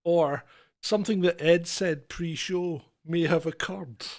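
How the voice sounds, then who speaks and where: Comedy podcast co-host, male, slightly high voice, rambling storyteller who laughs through his lines. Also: measured pace. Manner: rambling storyteller, laughs often mid-sentence. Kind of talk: casual comedic chat.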